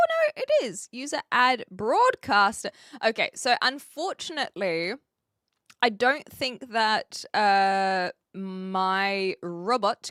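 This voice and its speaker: A woman's voice: mid-range voice, fairly bright tone, no echo, studio quality. A woman from New Zealand with a New Zealand accent, chatting casually on her live stream while she sets up a chat bot and thinks aloud. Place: home room with brick walls.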